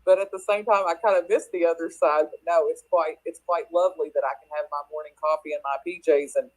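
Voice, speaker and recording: A woman's voice: low-pitched, steady tone, fast talker, low-quality recording. A woman from Kentucky with an Appalachian accent, chatting casually as a guest on a live audio space, laughing often and restarting her sentences. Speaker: crypto project guest.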